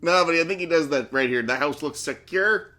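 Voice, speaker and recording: A man's voice: on the high side, brisk, sharp tone. A man co-hosting a podcast, chatting casually about a movie, sharing trivia and laughing often. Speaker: podcast co-host.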